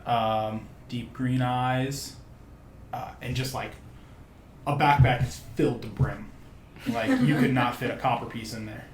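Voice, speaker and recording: A man's voice: mid-range voice, steady tone, measured pace. A man talks loosely as a tabletop game player, rambling and leaning on fillers. His voice rings in a roomy space, with a faint hiss underneath. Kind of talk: casual tabletop game chat. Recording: echoey room with faint noise.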